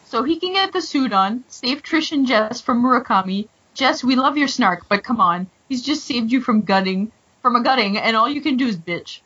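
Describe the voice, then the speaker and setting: A woman co-hosting a podcast, recapping a TV episode in a giggly, animated and easily flustered way. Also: on the high side, moderate pace, hardly any pauses, slightly rough, recorded from a distance. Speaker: podcast co-host. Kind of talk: casual chat, recapping a TV episode. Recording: slightly muffled lo-fi audio.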